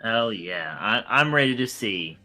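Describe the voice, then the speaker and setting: A man's voice: on the low side, lively intonation, a little slow, bright, forceful tone, soft background music. A man co-hosting a podcast in casual chat, rambling and trailing off. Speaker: podcast co-host.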